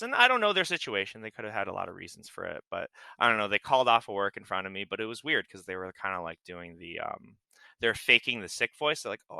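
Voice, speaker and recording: A man's voice: lowish voice, gravelly, pushed and bright, no echo. A man chatting casually on a podcast, rambling with many fillers and frequent laughs. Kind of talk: casual chat.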